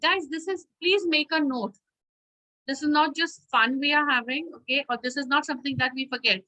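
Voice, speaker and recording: A woman's voice: sits high, a little fast, sharp tone, rough recording. A woman teacher leading an online class, firm and instructive, often checking with "okay?", heard over a video call.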